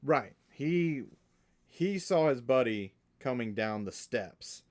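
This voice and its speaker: Slow-talking game master man. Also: mid-range voice, expressive, darkish tone. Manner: slow, halting description. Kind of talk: narrating a tabletop game.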